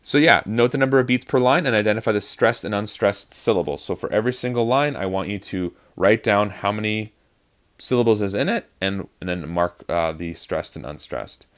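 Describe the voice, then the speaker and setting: Low-voiced man teaching verse rhythm. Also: a little fast. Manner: explanatory, with frequent fillers and restarts. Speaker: acting teacher. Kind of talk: online lesson on verse speaking.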